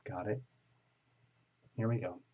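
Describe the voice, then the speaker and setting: A man giving a casual online tarot reading, gently coaxing the listener and slowing down to read passages aloud. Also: lowish voice, steady tone, husky. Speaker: tarot reader. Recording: slightly dull lo-fi audio.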